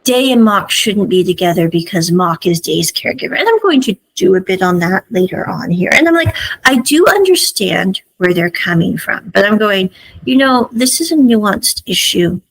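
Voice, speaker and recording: A woman's voice: medium pitch, lively intonation, moderate pace, gravelly, husky, low-quality recording. A woman hosting a podcast, casually recapping and reviewing a series in a chatty way, often saying "I'm like" as she retells scenes.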